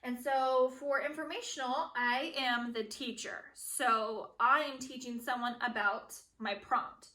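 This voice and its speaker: A woman teacher modeling informational writing for young children, speaking slowly and saying each word aloud as she writes it. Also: high voice, fairly even intonation, bright, forceful tone, far from the mic. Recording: echoey room, voice a bit off-mic.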